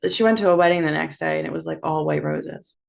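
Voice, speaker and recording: Low-voiced woman with vocal fry. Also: steady tone, quick pace. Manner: easygoing explaining with frequent likes. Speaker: pet medium guest. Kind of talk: casual conversational interview.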